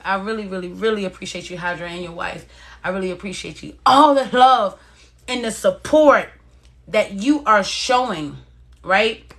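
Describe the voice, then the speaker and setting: A woman hosting a motivational live stream, encouraging viewers and reading their comments in a casual, repetitive way. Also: on the high side. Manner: encouraging, talks straight to viewers, repeats phrases; casual and warm-hearted, reads out viewer comments.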